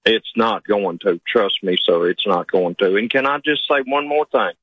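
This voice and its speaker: A man's voice: fairly low pitch, lively intonation, normal speed, dry recording. A man, a truck driver, calling in to a talk radio show, earnest and polite. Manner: earnest, polite, says "sir". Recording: muffled phone line.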